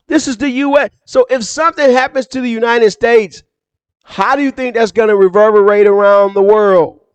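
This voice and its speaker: Emphatic, slangy man with a high voice. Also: clean tone, dry recording. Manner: emphatic, slangy, quick bursts with asides. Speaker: finance YouTuber. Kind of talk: casual direct-to-camera rant.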